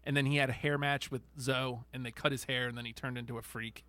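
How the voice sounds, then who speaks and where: A man's voice: mid-range voice, flat delivery, quick pace, a crowd in the background. A man co-hosting a casual podcast, recapping wrestling with sarcastic jokes and silly put-on voices. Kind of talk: casual chat.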